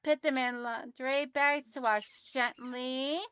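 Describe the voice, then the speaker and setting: A woman's voice: sits high, fairly even intonation, slow, fairly bright tone, smooth, muffled recording. A woman hosting a casual quilting livestream, chatty and talking straight to her viewers as she reads out their comments.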